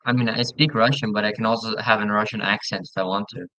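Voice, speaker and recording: A man chatting casually while playing a game with a friend, relaxed and talkative, often stumbling and restarting his sentences. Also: lowish voice, quick pace, dry recording, poor audio. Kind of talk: casual gaming chat.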